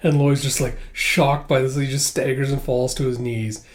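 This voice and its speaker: A man reads a comic aloud casually and retells it with a chatty "he's like" style, commenting as he goes. His medium-pitched voice is delivered flatly at a normal speed.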